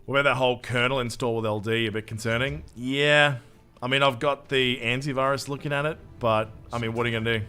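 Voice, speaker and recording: A man's voice: medium pitch, fairly even intonation, fast talker, sharp tone, clean tone, soft background music. An Australian man streaming a game, chatting casually with his viewers in a jokey, self-mocking way and swearing freely. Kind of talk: live gameplay commentary, reading chat.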